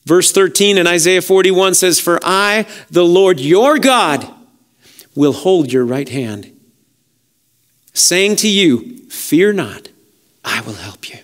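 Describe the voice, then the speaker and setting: A male pastor preaching a sermon with fervour, dropping to hushed lines and rising to exhortations, repeating praise. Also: high voice, animated, takes it slowly. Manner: impassioned preaching, swinging between soft hushed lines and raised exhortations; fervent, with repeated "praise God" and "hallelujah".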